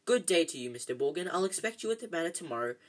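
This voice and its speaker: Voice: mid-range voice, big pitch swings, racing. A reader voicing a cold, haughty, wealthy man who speaks curtly. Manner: cold, curt.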